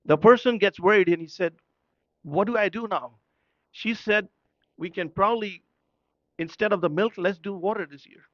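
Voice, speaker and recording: A man whose first language is Urdu speaks with a fairly high voice, recounting a tale as a sermon in a chatty way and pausing to ask his listeners whether they follow. The recording sounds dull and lo-fi, with a dry, close sound. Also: fairly bright tone, no echo. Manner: conversational, often checking in with the audience. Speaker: speaker at a religious gathering. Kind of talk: storytelling sermon.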